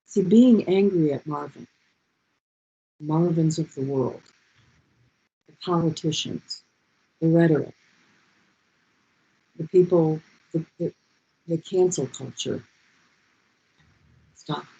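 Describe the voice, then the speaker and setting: Passionate session leader, husky voice, dull lo-fi call audio, repeats key lines. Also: mid-range voice, slow, pauses often, dark tone. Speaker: speaker leading a group session. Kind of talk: heartfelt motivational talk. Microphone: video call.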